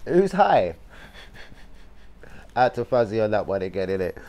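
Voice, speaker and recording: A man's voice: low-pitched, steady tone, fast, a little mellow, clear, resonant tone. A young man with a London accent, hosting a fan channel livestream as a blunt, sweary rant full of slang. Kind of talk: casual football rant livestream.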